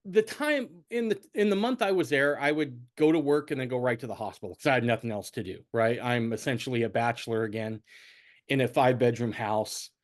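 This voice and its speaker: A middle-aged man hosting a podcast, telling a family story in casual conversation, repeating words and rambling. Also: a little fast. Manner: rambling, repeats words, animated swings in pitch. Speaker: podcast host.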